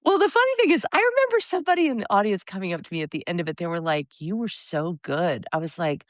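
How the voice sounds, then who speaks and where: A woman's voice: mid-range voice, animated, quick pace, no room sound, clean studio sound. A woman, a comedic stage performer, chatting as an interview guest, telling self-mocking stories and laughing often. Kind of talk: casual interview chat.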